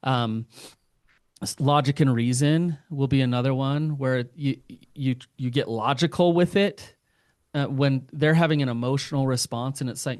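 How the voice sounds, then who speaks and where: A man's voice: medium pitch, moderate pace, a little mellow, no echo. Earnest male therapist, dry close sound. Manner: earnest, acts out quoted partners. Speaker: couples therapist. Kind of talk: podcast interview talk.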